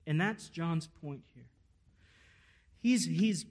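A middle-aged man preaches a sermon at a very unhurried pace. His voice sits a little high for a man. He swells to loud, stressed words and then sinks nearly to a whisper. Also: lively intonation. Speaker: pastor.

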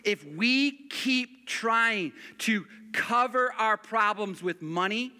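A man preaching a sermon in an earnest, emphatic way, repeating phrases and slowing down on key words. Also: sits high, expressive, pushed and bright, in a large hall. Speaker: pastor.

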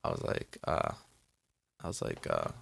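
A man's voice: unhurried, a bit bright. A man co-hosting a podcast, chatting casually and rambling with lots of "like" and "you know.". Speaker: podcast co-host. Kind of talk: casual chat. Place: Los Angeles.

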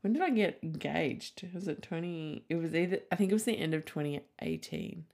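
Aussie woman in her 30s rambling on her podcast, lowish voice, says like a lot and swears a bit. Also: sing-song, brisk, darkish tone. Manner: rambling and candid, lots of "like", casual swearing. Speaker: podcast host. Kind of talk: casual solo podcast chat.

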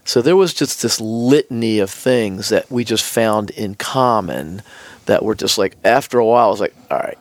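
A business executive appears as a podcast guest and tells a personal story in casual conversation, acting out the lines of the people involved. His voice is fairly low and moves at a moderate pace. The recording is dry.

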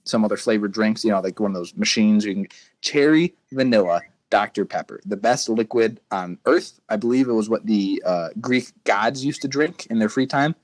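A man's voice: on the low side, normal speed. A young man co-hosting a podcast, rambling through casual rants with frequent restarts. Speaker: podcast co-host. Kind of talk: casual chat.

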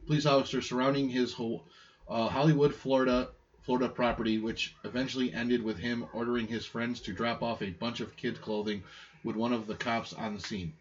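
A man's voice: mid-range voice, little pitch movement, brisk, muffled recording, a little hiss or hum. A man co-hosting a casual podcast chat, telling stories in a rambling, profane way. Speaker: podcast co-host.

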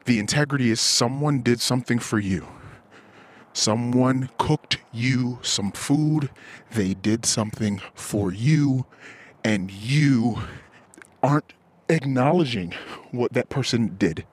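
A man's voice: medium pitch, slow pace, husky. A man hosting a podcast, venting in a blunt, profane, frustrated casual monologue. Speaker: podcast host.

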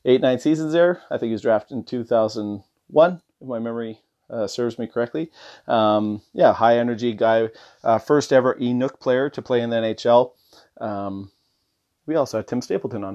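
Man, podcast host, chatty and loose, mid-pitched voice, dull lo-fi sound. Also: darkish tone. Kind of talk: casual podcast intro and interview.

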